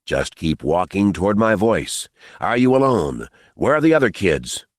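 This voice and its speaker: A man's voice: sits low, very animated, normal speed, dry recording, clean studio sound. A man doing a ragged, snarling militia leader. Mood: wary. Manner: gruff and snarling. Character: ragged, exhausted, hostile male militia leader.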